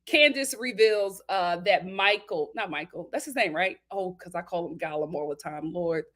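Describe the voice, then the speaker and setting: A woman's voice: on the low side, normal speed, fairly bright tone. A young woman hosting a live stream, chatting casually and animatedly with her viewers and laughing often. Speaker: host of a live show review stream.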